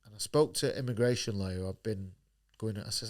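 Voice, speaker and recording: On a podcast, a professional boxer recounts his story in a low voice with vocal fry, talking fairly quickly. His delivery is blunt and full of swearing, and he acts out the dialogue he quotes.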